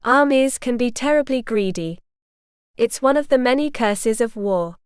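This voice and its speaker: A woman voicing a calm, seasoned male mercenary knight, speaking steadily and gently in a smooth voice. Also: on the high side, moderate pace, dry recording, clean studio sound, close to an everyday voice. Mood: steady.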